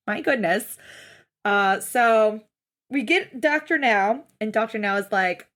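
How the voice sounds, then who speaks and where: An animated woman co-hosting a podcast in casual chat. Her pitch sits a little high and swings widely as she mimics people in exaggerated voices. She swears freely while she talks. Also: takes it slowly. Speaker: podcast co-host.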